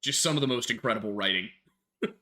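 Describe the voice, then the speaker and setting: A man co-hosting a podcast in casual discussion, adding calm, thoughtful remarks. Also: mid-range voice, fast.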